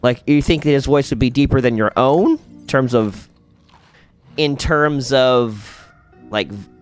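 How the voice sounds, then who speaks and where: A man's voice: medium pitch, unhurried, soft background music. A man hosting a casual live gaming stream, chatting with viewers and thinking aloud while he plays.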